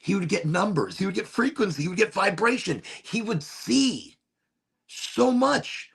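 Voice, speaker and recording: A man hosting a casual talk show, musing in a rambling, animated way while smoking, often repeating his phrases. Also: high-pitched, unhurried, creaky, breathy edge. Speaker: podcast host.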